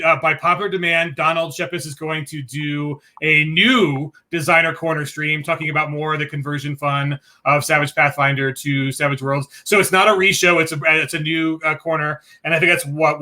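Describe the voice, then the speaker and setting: A man's voice: on the high side, bright, forceful tone. A man hosting a casual livestream chat, joking and rambling with many fillers. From Colorado. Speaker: host.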